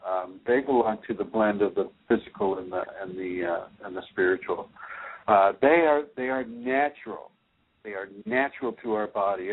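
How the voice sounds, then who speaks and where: A man hosting a radio call-in show, giving spiritual advice in a slow, reassuring way with many repeated words and restarts. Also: on the low side. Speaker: spiritual teacher, radio host. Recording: tinny phone line.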